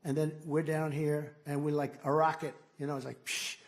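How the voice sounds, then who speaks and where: A man's voice: fairly high pitch, level tone, moderate pace. Older man giving a rambling rally speech. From United States. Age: 70s. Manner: rambling, boastful, with mocking asides. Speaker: political candidate. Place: large indoor rally hall.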